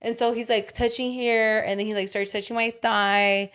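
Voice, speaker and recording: A woman's voice: a little high, normal speed, smooth. A young woman co-hosting a podcast, chatting casually and telling a long story full of "like" and swearing. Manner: animated storyteller, swears freely, fillers like "like". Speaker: podcast co-host. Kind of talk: casual chat.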